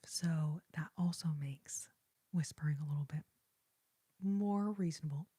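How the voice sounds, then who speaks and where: A young woman hosts a live stream in an unhurried, half-whispered voice that drifts between soft speech and breath. Her tone is mellow and slightly low, with a breathy edge. She sits close to a sensitive mic in a dry, quiet space. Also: no echo. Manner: half-whispered, gentle, laughs easily. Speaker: ASMR and singing live-stream host. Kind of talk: soft-spoken live-stream chat reading viewer comments. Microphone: sensitive studio microphone.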